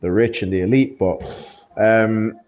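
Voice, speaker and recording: Low-voiced man, laid-back banter. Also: measured pace. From Ireland. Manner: laid-back banter, laughs easily, repeats words as he restarts. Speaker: MMA fighter, podcast guest. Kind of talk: casual podcast chat. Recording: dull lo-fi sound with faint noise.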